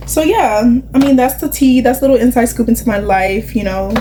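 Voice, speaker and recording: A woman's voice: a little high, mellow, slight background noise, poor audio. A young woman, rambling and confiding as she chats through her makeup routine, with plenty of "like" and "you know". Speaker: vlogger. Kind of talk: casual chatty vlog while doing makeup.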